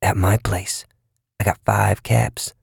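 A man voicing a twitchy male taxi driver who peddles drugs, talking in a hushed, conspiratorial whisper broken by odd high yelps. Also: flat delivery, slow, vocal fry, breathy edge, no echo, clean studio sound, exaggerated voice. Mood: hushed scheming. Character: twitchy hushed male drug-dealing cabbie.

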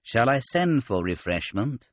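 A man voicing a polite, modest male alien commander with a nasal, gentle manner. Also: medium pitch, sing-song, measured pace, no room sound, lo-fi sound. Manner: gentle, courteous.

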